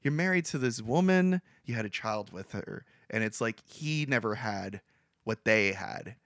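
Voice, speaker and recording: Man rambling through an animated movie recap. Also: lowish voice, a little slow, no echo, studio quality. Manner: rambling, animated storytelling with many fillers. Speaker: podcast co-host. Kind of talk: casual chat retelling a movie.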